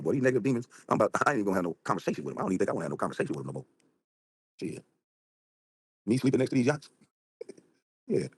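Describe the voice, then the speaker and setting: A man livestreaming from an outdoor balcony at night, ranting rapidly and combatively and acting out both sides of an argument. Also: sits low, mellow, breathy edge, dry recording. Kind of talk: heated casual livestream rant.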